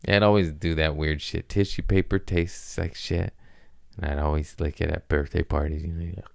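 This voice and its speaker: A man's voice: extremely low pitch, steady tone, moderate pace, vocal fry, darkish tone, no room sound, clean studio sound. A man hosting a podcast, rambling through absurd comic tangents, profane and amused at himself. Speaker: podcast host. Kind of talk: rambling comedic monologue.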